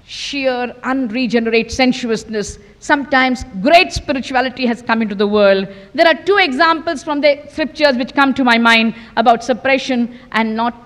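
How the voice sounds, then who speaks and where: An older woman giving a devotional discourse, emphatic and given to repetition, sinking now and then to a hush. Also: high-pitched, moderate pace, hardly any pauses. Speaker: spiritual teacher giving a discourse. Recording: long hall reverb.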